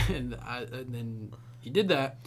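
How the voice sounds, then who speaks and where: A man's voice: mid-range voice, animated, slow pace, slight background noise. A young man co-hosting a podcast in casual chat, telling a rambling story full of "like" and fillers. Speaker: podcast co-host.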